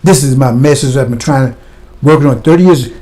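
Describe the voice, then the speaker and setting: A man's voice: mid-range voice, fairly quick, dark tone. A man preaching a fiery sermon, blunt and impassioned, firing rhetorical questions at his listeners.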